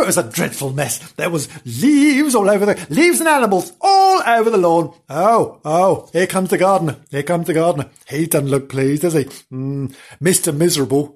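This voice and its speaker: A woman telling a mock children's bedtime story, wandering off into rambling, giggly asides. Her voice is husky and breathy. Her pitch swoops high and low. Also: sing-song, moderate pace.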